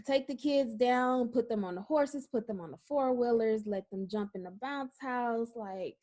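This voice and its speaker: A woman co-hosting a casual podcast, telling stories in an animated way and often laughing. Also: a little high, unhurried. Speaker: podcast co-host. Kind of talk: casual chat.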